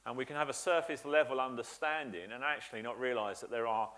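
A man preaches a church sermon in a mid-pitched voice. He talks earnestly and emphatically, stacking up repeated phrases to drive each point home. Frequent "uh" fillers break up his sentences. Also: quick pace, fairly bright tone. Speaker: pastor.

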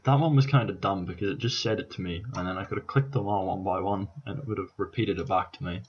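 Young Scottish man, low husky voice, casual and sweary, tired, dull lo-fi recording. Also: fast talker. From Scotland. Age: 20s. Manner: casual, sweary, thinking aloud with many ums. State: tired, up all night on coffee. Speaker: YouTuber. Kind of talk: casual vlog commentary.

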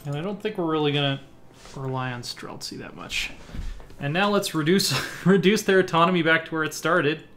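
A man's voice: fairly high pitch, a little fast, fairly bright tone, a little hiss or hum. Man thinking aloud over a strategy game. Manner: thinks aloud while clicking through menus, muttering half-finished plans. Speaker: let's play host. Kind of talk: casual gameplay commentary.

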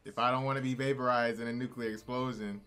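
Give me an actor doing a calm, overpowered anime swordsman, solemn and cool. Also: medium pitch, fast talker, close to an everyday voice. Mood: grandiose.

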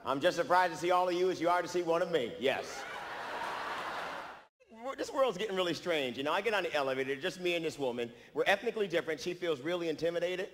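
A male stand-up comedian performing an animated set on stage, acting out the people in his stories. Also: a little high, fast talker. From Harrisburg, Pennsylvania. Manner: animated, acts out other people's lines. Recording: reverberant live hall recording with audience noise.

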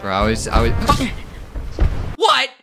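A man hosting a comedic gameplay video, jokey and animated, often yelping and laughing at what happens on screen. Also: medium pitch, normal speed, over music. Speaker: gaming video host.

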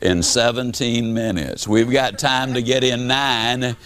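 A man voicing a relaxed, chummy male friend calling about golf. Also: mid-range voice, takes it slowly, voice pushed down. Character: easygoing male golf buddy on the phone.

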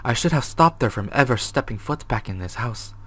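A man's voice: mid-range voice, expressive, fairly quick, a bit bright. A man voicing a frightened, guilt-ridden male former tenant, reading his diary note aloud in a put-on accent. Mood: fearful. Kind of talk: reading game text aloud.

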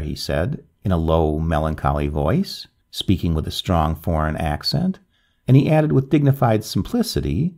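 Gravelly-voiced male storyteller. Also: low voice. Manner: measured, expressive reading. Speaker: narrator. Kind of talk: storybook narration.

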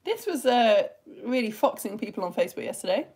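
A woman teacher from the United Kingdom gives a live online lesson. Her voice sits a little high, and she chats and laughs easily. She slows right down whenever she reads lines of verse aloud. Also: very animated, creaky, a little mellow, breathy edge. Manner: chatty, laughs often, reads verse slowly.

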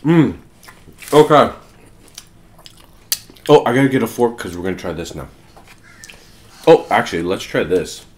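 A woman's voice: very deep voice, expressive, measured pace, pauses often, a little mellow. A woman eating on camera with her child, chatting casually and coaxing between bites. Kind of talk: casual eating vlog chat.

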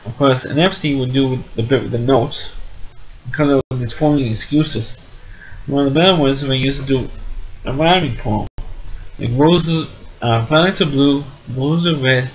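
A man's voice: mid-range voice, normal speed, low-quality recording. A man with a nasal voice casually reviewing a sitcom, rambling with frequent restarts and repeated words. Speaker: TV show reviewer.

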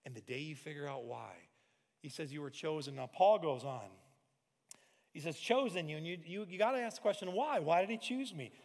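Preaching with a slightly raised voice, this man in his forties brings his sermon to life by playing out little scenes, with occasional shouted lines. He speaks a little high and briskly, and a big church hall adds long reverb.

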